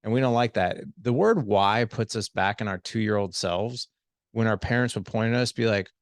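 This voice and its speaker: A middle-aged man with a low, gravelly voice, talking as a podcast guest. He coaches in a lively, conversational way and slips into acted-out dialogue. The sound is close and dry, with no room around it. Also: moderate pace, dry recording. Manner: animated, acts out quoted dialogue. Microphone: studio headset.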